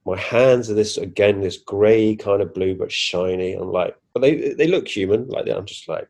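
A man's voice: fairly low pitch, a little slow, darkish tone. A man, a podcast guest animatedly retelling a personal experience, acting out his own reactions with frequent restarts. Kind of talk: casual first-person storytelling.

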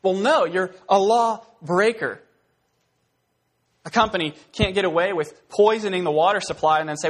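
A man with a slightly high-pitched voice delivers an expository sermon. He talks casually and conversationally, with fillers and side remarks, and livens his points by acting out little scenes. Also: moderate pace. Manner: animated storytelling, acting out scenes. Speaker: preacher.

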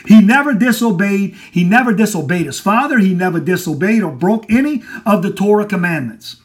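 A man with a fairly high voice preaches a Bible teaching sermon. He is emphatic and keeps posing questions to the listeners, then answering them himself. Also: lively intonation, a little fast. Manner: emphatic, asks and answers his own questions.

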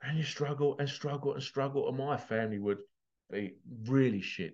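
A man's voice: medium pitch, flat delivery, moderate pace, pauses often, a little mellow. Passionate swearing man, muffled sound. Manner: passionate, swears, voice breaking with emotion. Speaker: motivational vlogger. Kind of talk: emotional motivational monologue.

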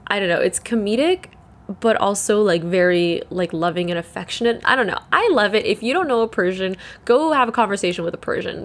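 A young woman, hosting a casual solo chat, rambling with lots of "like", swearing and laughing. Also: medium pitch. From Canada.

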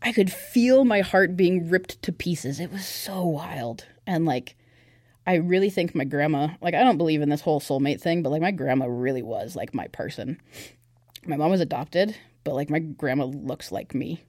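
A woman's voice: sits low, expressive, normal speed, darkish tone, dry recording, clean studio sound. A young woman giving a personal testimony on a podcast, speaking candidly and conversationally, with lots of fillers. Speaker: podcast guest. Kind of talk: personal testimony in casual chat.

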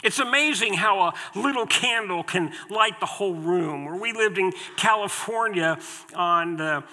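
A male pastor delivers a sermon in a bright, high voice, unhurried and emphatic as he drives home repeated phrases. His words ring out with a long reverb from the church sanctuary. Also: animated.

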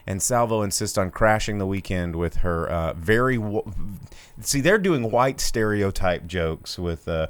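A man's voice: fairly low pitch, expressive, a little slow, clear, resonant tone, dry recording. A man co-hosting a live show, chatting casually and joking around. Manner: jokey, puts on mock voices. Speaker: podcast co-host. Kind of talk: casual chat.

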